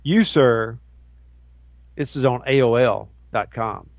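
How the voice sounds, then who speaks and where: A man co-hosting a casual talk show, ranting in an animated way and mocking people with put-on voices. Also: mid-range voice, slow, gravelly, no echo. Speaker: co-host. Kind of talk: casual chat show banter.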